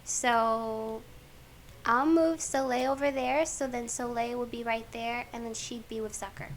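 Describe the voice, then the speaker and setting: A woman's voice: a little high, fairly even intonation, unhurried, slight background noise. A woman streaming a life-sim game, chatting casually and playfully while she plays and talks to the characters.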